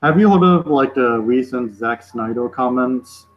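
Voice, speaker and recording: A man talking haltingly in a casual chat with friends, with many fillers and restarts. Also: mid-range voice. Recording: roomy, dull lo-fi sound.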